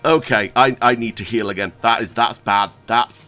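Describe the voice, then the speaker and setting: A man giving excitable, self-mocking commentary while playing a video game. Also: medium pitch, moderate pace, faint music behind. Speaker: gaming YouTuber. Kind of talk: let's play commentary.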